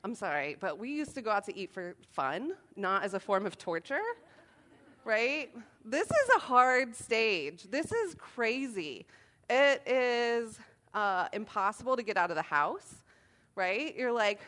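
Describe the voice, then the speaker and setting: 30s mom talking to a moms group, kinda high voice, animated and poking fun at herself. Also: female voice, measured pace. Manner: animated, self-deprecating storytelling. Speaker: speaker at a moms' meeting. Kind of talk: humorous talk to a group.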